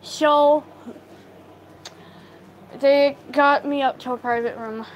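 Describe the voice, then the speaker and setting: A woman's voice: sits high, fairly even intonation, takes it slowly, lo-fi sound, slight background noise. A woman telling a personal story in a casual storytime, rambling and acting out what everyone said. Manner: rambling, acts out quoted dialogue; filler-heavy retelling, lots of "I'm like".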